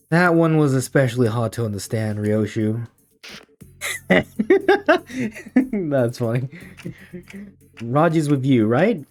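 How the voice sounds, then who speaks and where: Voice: medium pitch, big pitch swings, slow, pauses often, a little mellow, soft background music. A streamer reading a game story aloud, with giggly, chatty asides. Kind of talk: casual game playthrough reading.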